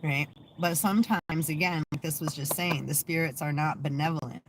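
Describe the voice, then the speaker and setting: A woman's voice: low-pitched, fairly even intonation, normal speed, slight background noise. A rambling, sarcastic, cursing woman. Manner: profane, sarcastic, laughs a lot; trails off with many fillers and restarts. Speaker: channel host. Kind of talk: casual rambling vlog chat.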